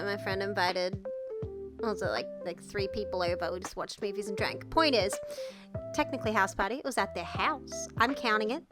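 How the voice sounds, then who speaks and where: A young Australian woman streamer telling a story in casual chat while sick with the flu, coughing now and then, laughing often and swearing freely. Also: fairly high pitch. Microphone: headset mic.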